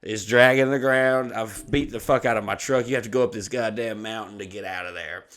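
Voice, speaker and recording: His voice is fairly low and a little fast as he spins a rowdy tale on a podcast. He swears freely and bursts out laughing along the way.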